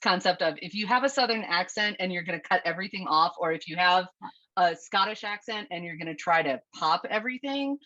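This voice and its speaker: A woman's voice: fairly low pitch, expressive, brisk, sharp tone, muffled recording. A woman in the audience making an emphatic comment. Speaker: audience member.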